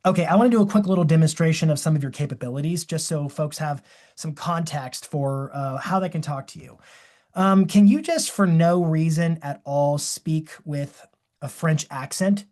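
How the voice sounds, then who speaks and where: A man presenting a live webinar, talking in an energetic, enthusiastic and demonstrative way. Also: a little high, normal speed.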